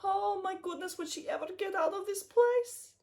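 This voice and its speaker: A woman telling a fairy tale to children, expressive, with sound effects and chatty asides. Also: very high voice, moderate pace. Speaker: children's storyteller. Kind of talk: animated storytelling for children.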